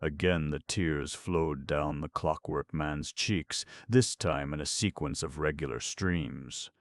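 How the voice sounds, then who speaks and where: A man reading an audiobook as narrator, in slow, measured scripted narration. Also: rumbling low, dry recording, clean studio sound.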